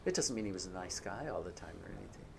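A man's voice: low-pitched, expressive, very fast, gravelly, a crowd in the background. A man speaking as a panelist in a live discussion, reflective and hesitant in his phrasing.

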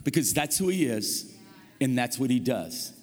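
A guest pastor, a man of medium pitch and normal speed, preaches in a church sanctuary with long hall reverb. He's an animated storyteller who tells funny stories and calls on the congregation to say amen.

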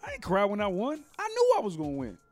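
Lively high-voiced man, blunt. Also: fast talker, faint music behind. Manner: blunt, profane, emphatic. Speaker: podcast co-host. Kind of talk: casual group chat.

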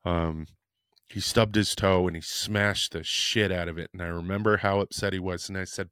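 A man's voice: sits low, steady tone, normal speed, a bit bright, smooth, no echo, clean studio sound. A man hosting a podcast, telling a personal story in a frank, rambling way and swearing casually. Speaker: podcast host.

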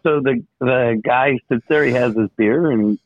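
A man hosting a radio show in casual chat, telling stories with easygoing filler pauses. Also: mid-range voice, dry recording. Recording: dry, phone-like narrow sound.

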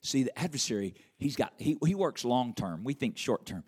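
A man's voice: mid-range voice, big pitch swings, normal speed, darkish tone, slightly rough. A male pastor preaching a sermon, emphatic and repetitive, calling on listeners by name. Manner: emphatic, repeats phrases, calls on listeners by name.

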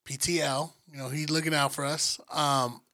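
Man from Colorado, bright, slightly high voice, profane and animated storyteller. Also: moderate pace. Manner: animated, profane, jumps into high excited voices when quoting. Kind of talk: casual storytelling chat.

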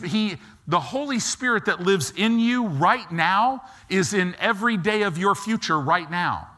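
A middle-aged man preaching a sermon, animated and acting out quick asides as he talks. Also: sits high. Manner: animated, acts out God and people in quick asides.

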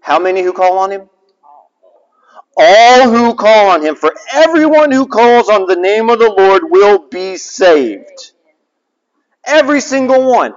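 An unhurried man with a high, animated voice preaches a sermon, questioning listeners rhetorically and repeating phrases for emphasis. His words ring with long reverb on a dull, lo-fi recording.

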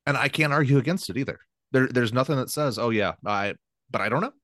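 A man's voice: mid-range voice, quick pace, a bit bright, dry recording, studio quality. A man co-hosting a sports podcast, talking casually and rambling a bit, often correcting himself and laughing easily. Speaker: podcast co-host.

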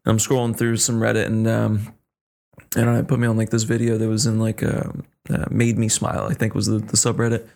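A man chatting as a podcast guest, thoughtful and measured. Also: on the low side, monotone, gravelly, a little mellow. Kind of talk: casual chat.

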